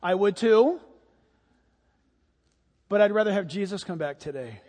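A man, a pastor, preaching a sermon and telling stories in a lively, chatty way. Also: high-pitched, measured pace, long reverb tail. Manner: animated, chatty storytelling. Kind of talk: sermon with anecdotes. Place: church sanctuary.

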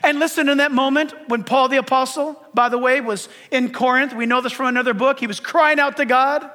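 High, bright-voiced preaching man. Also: steady tone, brisk, few pauses, long reverb tail. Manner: dramatic preaching, swings between shouts and near-whispers. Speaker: pastor. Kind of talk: sermon.

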